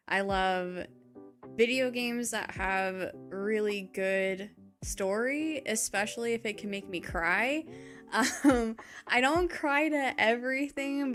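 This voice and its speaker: A woman streamer talks straight to her chat in an easy, emotional, gushing way. Her voice sits at an ordinary middle pitch. Soft music plays faintly underneath. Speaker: variety game streamer. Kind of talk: casual live-stream chat.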